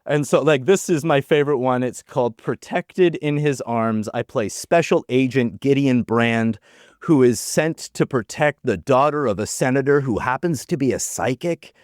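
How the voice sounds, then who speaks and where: A man with a mid-range voice, talking at normal speed, is a guest on a podcast, casually telling a story loaded with fillers and loose phrasing. He's an animated storyteller who acts out the voices of the people involved. The recording is dry and studio quality.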